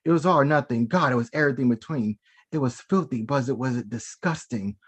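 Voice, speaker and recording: A man performing his own spoken-word poetry over a video call from home, with a rhythmic, dramatic delivery that sinks lower and softer for sensual verse. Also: brisk, husky. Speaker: performing poet.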